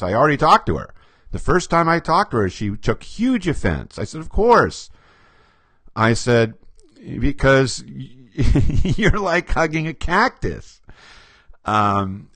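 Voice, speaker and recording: A man's voice: medium pitch, fairly bright tone, no room sound. A man working as a behavior profiler who explains personality types with stories, acting out quotes and chuckling often. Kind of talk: storytelling explanation to camera.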